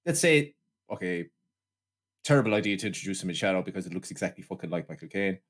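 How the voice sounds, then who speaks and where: A man's voice: sits low, lively intonation, quick pace. A man co-hosting a casual film podcast, ranting animatedly, swearing often and acting out quotes. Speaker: podcast co-host. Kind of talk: casual film review chat.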